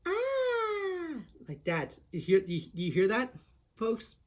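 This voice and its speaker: A man's voice: high voice, animated, unhurried. A man presenting a voice impression tutorial in a chatty, step-by-step way, often restarting his sentences. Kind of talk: casual tutorial talk.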